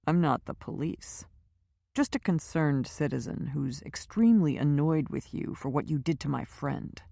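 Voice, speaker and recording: A woman voicing a calm, quietly menacing man in an audiobook thriller. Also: on the high side, normal speed, creaky, no echo, studio quality. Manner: calm, firm, quietly threatening.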